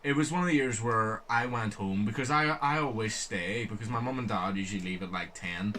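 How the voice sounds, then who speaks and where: Low, bright young man. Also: brisk, a little hiss or hum. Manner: chatty storytelling, frequent swearing and laughter. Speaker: podcast co-host. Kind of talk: casual podcast chat.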